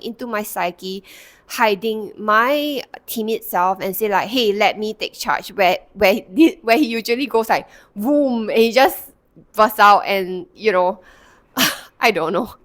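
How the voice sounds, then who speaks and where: A woman's voice: mid-range voice, no room sound. A woman, a counsellor and Reiki practitioner, telling a personal story to the camera in a reflective way, with many fillers and restarts.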